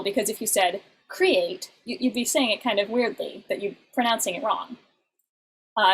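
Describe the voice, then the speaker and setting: Woman teacher, patient explainer, lots of "uh"s, middle pitch, faint background hiss. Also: poor audio. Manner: explanatory, with frequent fillers and restarts. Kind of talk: online class lecture.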